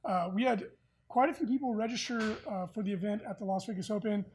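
On his podcast, a man with a fairly high, slightly mellow voice chats quickly and casually about tabletop gaming news, scattering filler words everywhere. There's a faint hiss or hum in the background, and his manner is easygoing and talkative.

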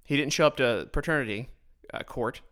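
A man's voice: mid-range voice, brisk, a bit bright. A man hosting a podcast, delivering a blunt, sarcastic political monologue into his own microphone, often stumbling and restarting his sentences. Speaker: podcast host.

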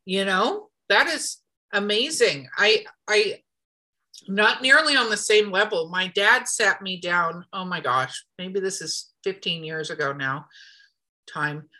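A woman from the United States co-hosting a podcast, chatting casually and telling stories in an animated, expressive way. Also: medium pitch, slow pace, poor audio. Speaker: podcast co-host. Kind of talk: casual chat.

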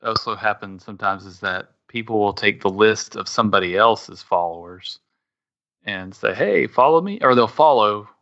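A man co-hosting a casual podcast and calmly explaining how things work. His voice is bright and sharp, with a lively, swinging pitch. The recording sounds dull and lo-fi. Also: moderate pace. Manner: explanatory, thoughtful. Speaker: podcast co-host. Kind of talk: casual chat.

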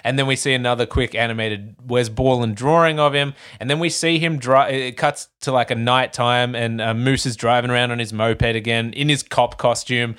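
Animated man recapping a movie. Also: medium pitch, normal speed, few pauses, clear, resonant tone. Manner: animated, acts out quoted lines of characters. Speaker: podcast co-host. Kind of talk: casual chat recapping a movie.

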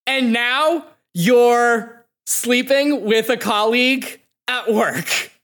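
A woman's voice: on the low side, expressive, takes it slowly, a bit bright. A game master voicing a furious, tearful young mother who bursts out at her husband. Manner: bitter, exasperated outbursts.

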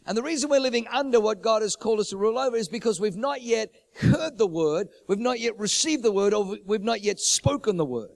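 A man's voice: sits high, lively intonation, fairly quick, creaky, few pauses. A man preaching a sermon, repeating his phrases for emphasis and building urgency.

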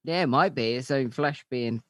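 A man's voice: medium pitch, moderate pace, dry recording. Man chatting with fillers. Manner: rambling, hesitant with fillers. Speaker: podcast co-host. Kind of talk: casual chat.

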